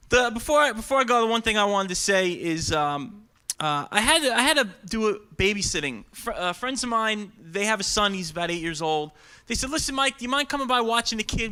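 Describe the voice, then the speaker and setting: High bright-voiced New comedian. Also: male voice. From Brooklyn, New York. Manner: animated, jumps into quick voices for characters. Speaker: stand-up comedian and guest. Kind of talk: stand-up routine, then casual interview chat.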